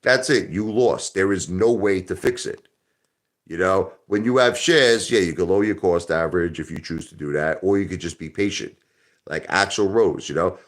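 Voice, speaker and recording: A man with a very low voice rambles and jokes at normal speed while hosting a casual live stream. When he's joking around he turns loud, and at other times he grows quiet and somber.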